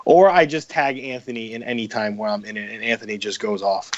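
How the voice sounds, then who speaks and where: A man's voice: on the low side, steady tone, brisk, muffled recording. A man, a podcast guest, chatting casually in a rambling, profane way with many fillers. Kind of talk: casual chat.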